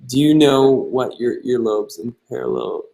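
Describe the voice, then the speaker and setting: A man's voice: mid-range voice, measured pace, creaky, warm tone, rough recording. A young man hosting a live-stream Q&A, answering viewer questions in an easygoing way and thinking aloud as he goes. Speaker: travel vlogger host.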